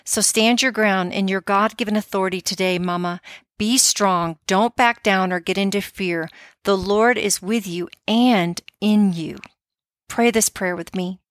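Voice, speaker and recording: A woman's voice: mid-range voice, unhurried, no room sound, studio quality. A middle-aged woman leading a devotional prayer for mothers, then chatting informally with encouraging, conversational fillers. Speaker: prayer ministry leader for mothers.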